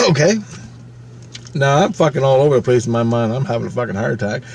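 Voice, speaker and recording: A man's voice: medium pitch, creaky, slight background noise. Profane man retelling a personal experience. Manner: profane, emphatic, halting retelling with repeated phrases. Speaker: channel host. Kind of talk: personal storytelling monologue.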